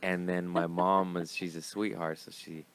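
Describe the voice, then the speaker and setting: A man's voice: deep voice, flat delivery, normal speed, clean tone. A young man, a comedian guest, telling a profane, rambling story in casual chat.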